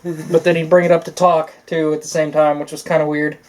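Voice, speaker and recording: A man's voice: fairly high pitch, flat delivery, fairly quick. A man co-hosting a casual talk show, telling stories in a loose, profane way and laughing often. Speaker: podcast co-host. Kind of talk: casual chat.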